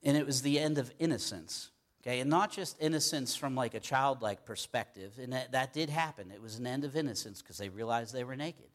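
A man preaching in a relaxed, talky way. He speaks at a middle pitch and stumbles through fillers and repeated words as he makes his points. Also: brisk. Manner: conversational, folksy, with many fillers and repeated words. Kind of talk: sermon.

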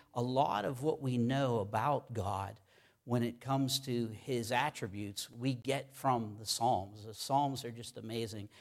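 A man preaching a sermon to his congregation in a casual, enthusiastic way, with many fillers and restarts. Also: mid-range voice. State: sweaty. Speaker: pastor.

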